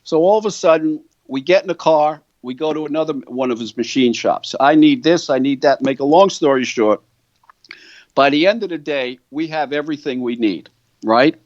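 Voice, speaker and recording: Speaking at a normal pace with a fairly high pitch, this older guitar company founder spins a lengthy interview story, quoting others' words with lively animation. The recording is muffled but free of echo.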